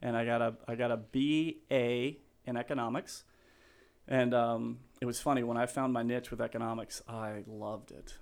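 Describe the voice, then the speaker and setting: Middle-aged male guest for an interview: sentimental and earnest, with a rambling, restart-heavy delivery. He sits in the middle of the pitch range. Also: fairly even intonation, moderate pace, vocal fry. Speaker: real estate agent, guest. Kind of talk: casual podcast interview.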